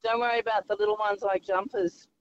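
A middle-aged woman calling in to a radio show, giving calm advice. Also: mid-range voice, fast, a little hiss or hum. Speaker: radio caller. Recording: muffled phone line.

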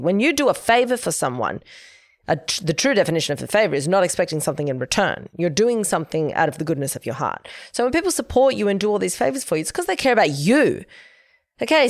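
Young woman doing a chatty solo podcast, kinda low voice, dry close sound. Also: no room sound. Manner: chatty, emphatic, giving advice with quoted asides. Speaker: podcast host. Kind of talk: casual solo podcast chat.

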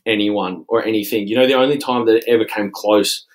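A man's voice: on the low side, fairly even intonation, a little fast, low-quality recording. A young Australian man co-hosting a podcast, chatting casually with lots of fillers and restarts. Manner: rambling, many fillers and restarts. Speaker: podcast co-host. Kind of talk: casual chat.

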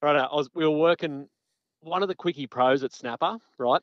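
A man's voice: a little high, moderate pace, no room sound, dull audio. A man, a podcast guest telling laid-back stories and swearing freely. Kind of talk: casual anecdote telling.

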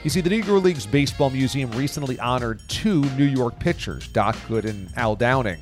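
A man's voice: medium pitch, darkish tone. A man in his forties hosting a podcast, reading an enthusiastic intro and then chatting with his guest. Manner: enthusiastic, conversational. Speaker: podcast host. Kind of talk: scripted podcast intro and interview.

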